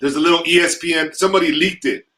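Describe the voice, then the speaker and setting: A man's voice: a little high, steady tone, racing, bright, forceful tone, low-quality recording. A man co-hosting a casual livestream chat, telling loose, joking stories. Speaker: livestream co-host.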